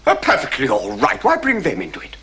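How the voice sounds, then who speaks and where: A man playing a fussy, indignant comic character in an archive sitcom clip, with arch drawn-out vowels. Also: medium pitch, wildly swooping pitch, sharp tone, pitched above the performer's own voice. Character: fussy indignant high-voiced comic man, camp and outraged.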